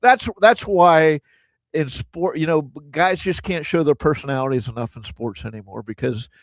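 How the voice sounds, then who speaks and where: This middle-aged man co-hosts a sports talk radio show in a relaxed, conversational way. His voice sits a little higher than most men's and sounds close and dry. He often repeats a word or two while he works toward his point. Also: normal speed, no echo. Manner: chatty, repeats words as he gathers thoughts.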